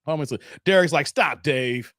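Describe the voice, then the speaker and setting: A man in his thirties hosting a casual live stream, animated and laughing often, his voice a little strained from long streaming. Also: a little high, brisk, dry recording, clean studio sound. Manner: animated, laughs often, breaks into playful sung bits. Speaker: live stream commentary host. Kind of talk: casual live stream chat reading donations.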